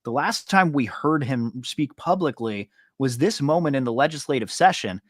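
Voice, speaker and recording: A man's voice: medium pitch, animated, normal speed, no room sound, studio quality. Easygoing male sports podcast host. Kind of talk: casual sports talk.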